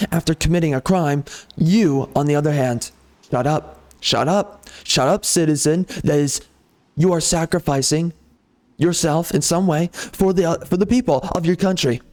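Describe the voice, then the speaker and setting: Man, somewhat high pitch, heated, sarcastic, repetitive, gameplay rant. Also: normal speed, darkish tone. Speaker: gaming channel host. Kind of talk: off-the-cuff rant over gameplay.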